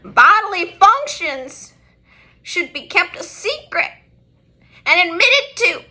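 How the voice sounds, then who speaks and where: A woman's voice: very high-pitched, very animated, slow, bright, forceful tone, exaggerated voice. A woman voicing a prim, disapproving old woman from an amateur comedy sketch, who talks in a prissy, scolding way.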